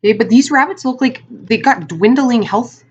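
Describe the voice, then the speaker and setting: A woman's voice: on the high side, expressive, moderate pace, husky, lo-fi sound. A woman giving a casual tarot card reading to her viewers, talking in a chatty, rambling way with lots of fillers and asides. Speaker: tarot reader.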